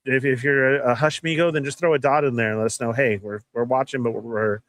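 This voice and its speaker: Pria pembawa acara podcast yang santai dan ceria. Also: male voice, mid-range voice, fairly even intonation, quick pace, a bit bright. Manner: upbeat, teasing, hypes the chat. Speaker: podcast co-host. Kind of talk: casual chat.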